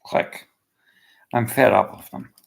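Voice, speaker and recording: A man's voice: medium pitch, sing-song, unhurried, vocal fry, husky, rough recording. An older man, delivering an agitated, profane personal rant in a blunt way. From Canada.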